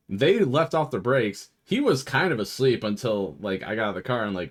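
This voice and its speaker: A man's voice: medium pitch, normal speed. A young man on a game stream, telling a long, swearing-laced story and mimicking the people in it. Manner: swears freely, animated storytelling with voiced quotes. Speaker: let's play streamer. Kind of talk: casual chat.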